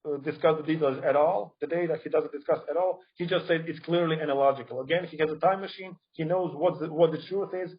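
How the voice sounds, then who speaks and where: A man delivers an academic conference talk, pressing his objections in a critical, emphatic way. His voice sits a little high for a man. It comes through the muffled, lo-fi audio of an online call. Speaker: conference speaker.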